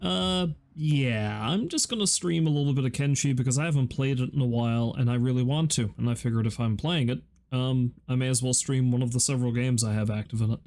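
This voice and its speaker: A man's voice: medium pitch, brisk, hardly any pauses, darkish tone. A tired young man from Canada rambling wryly through a casual game stream. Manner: rambling, wry and self-deprecating. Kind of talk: casual gaming stream chat.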